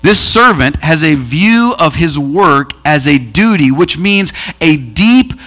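A man's voice: fairly high pitch, animated, slow, a bit bright. A man preaching a sermon, earnestly telling a parable and acting out its quoted voices. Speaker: pastor.

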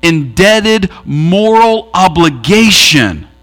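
Man preaching, fairly high pitch, earnest, tells stories in sermon. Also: big pitch swings, extremely slow, fairly bright tone, soft background music. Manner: earnest preaching, tells a parable with quoted voices. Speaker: pastor.

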